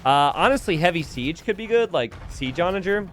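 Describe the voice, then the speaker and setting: A man's voice: high-pitched, moderate pace, a little hiss or hum. A man casting a strategy game live, chatting with viewers, laughing often and reading their messages aloud. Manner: animated, laughs often, talks to chat directly. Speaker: streamer and game caster. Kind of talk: live commentary while reading chat.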